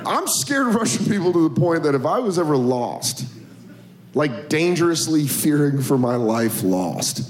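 A man doing a stand-up routine with self-deprecating, deadpan punchlines, recorded live in an echoey comedy club with a laughing audience. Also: mid-range voice, measured pace, slight background noise.

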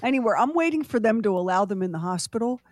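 A woman's voice: a little high, quick pace, dry recording, studio quality. Chatty woman host. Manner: chatty, joking, animated. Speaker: radio show host. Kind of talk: casual chat.

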